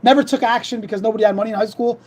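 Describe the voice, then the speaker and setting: Fast-talking fired-up sports show host man. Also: high voice, fairly even intonation, darkish tone, low-quality recording. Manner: fast, rambling, fired up, reads sponsor plugs. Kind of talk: casual sports talk chat.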